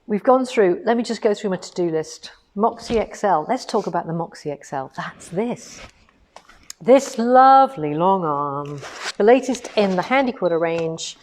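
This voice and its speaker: An enthusiastic woman chats through a livestream demo, full of asides and rhetorical questions. Her voice sits at an ordinary middle pitch. She talks warmly and casually to her viewers. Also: slight background noise. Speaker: co-host of a quilting shop livestream.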